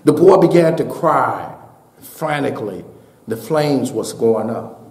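A man preaching a sermon as pastor, building to shouted peaks and dropping to a hushed voice for a story. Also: medium pitch, expressive, a little slow, echoey room. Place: church sanctuary.

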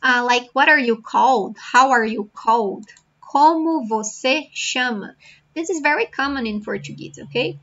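Woman language teacher, bright tone, slightly dull recording, patient and repetitive. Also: high-pitched. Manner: slow, patient, repeats words for practice. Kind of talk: beginner language lesson.

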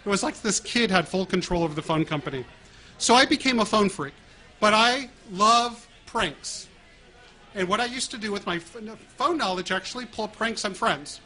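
A middle-aged man telling stories to an audience in an animated way, laughing now and then as he talks while walking around with a wireless mic. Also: high voice. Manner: animated, laughing at his own prank stories. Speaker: author giving a talk. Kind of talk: storytelling talk to an audience.

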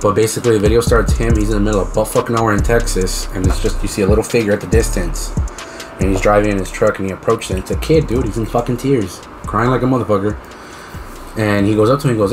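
A man co-hosting a casual podcast, telling stories in a profane, animated way. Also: on the low side, fast, slight background noise. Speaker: podcast co-host.

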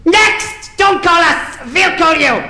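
A man voicing a bossy airline boss who yells curt dismissals. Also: very high voice, slow pace, reverberant, voice pushed up, heavily acted.

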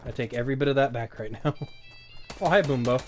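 A man's voice: mid-range voice, fast, faint music behind. A man streaming live gameplay, chatting and playfully taunting opponents as he plays. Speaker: game streamer. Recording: game gunfire behind voice. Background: game gunfire and effects.

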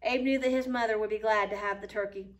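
A woman teacher reads a children's storybook aloud in a clear, patient way and pauses to explain what it means. Her voice sits in a middle register and is picked up from some distance. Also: mid-range voice, fairly even intonation. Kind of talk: reading a children's book aloud with comments. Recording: voice a little far from the mic.

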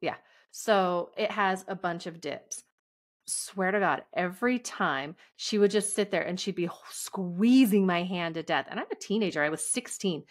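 A woman co-hosting a podcast, talking in expressive casual chat with frequent exclamations. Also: fairly low pitch, moderate pace. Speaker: podcast co-host.

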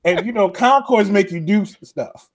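A man's voice: sits high, animated, moderate pace. A man with a New York accent, co-hosting a podcast and telling a long story while acting out other people's voices. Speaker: podcast co-host. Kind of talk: animated storytelling.

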